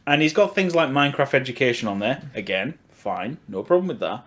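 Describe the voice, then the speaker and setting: A man's voice: medium pitch, animated, a little fast, a bit bright. A middle-aged man with an Australian accent, co-hosting a casual podcast chat, rambling and laughing often. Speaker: podcast co-host.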